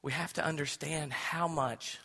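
A man in his thirties preaches with fervor, dropping to near whispers and then surging loud. His voice sits high and rings bright. The sound carries a long reverb from a church hall. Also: fairly even intonation, unhurried, gravelly. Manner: impassioned, swings from hushed to loud. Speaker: pastor. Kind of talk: sermon. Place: church sanctuary.

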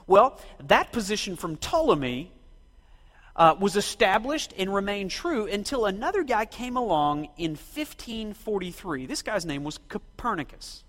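A man's voice: high-pitched, very animated, moderate pace, a bit bright. A man preaching a sermon, asking his congregation questions and telling them what to do. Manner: rhetorical, quizzes and directs the congregation. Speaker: pastor. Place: church sanctuary. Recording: long reverb of a church hall.

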